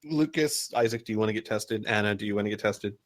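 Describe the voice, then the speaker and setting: A man narrating as game master for a tabletop game, halting with frequent ums and restarts. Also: on the low side.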